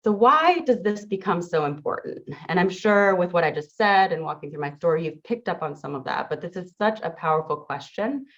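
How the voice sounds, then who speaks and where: A woman's voice: fairly low pitch, animated, a little fast, few pauses, fairly bright tone. A middle-aged woman, a teacher and coach, giving an earnest, reflective motivational talk to an audience. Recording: dull lo-fi sound.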